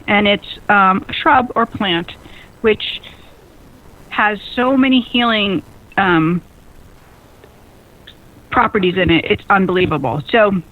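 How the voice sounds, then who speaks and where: A woman hosting a radio show, chatty and excitable, quick to laugh. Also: medium pitch. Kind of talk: lively casual radio chat. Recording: phone-like narrow band radio sound.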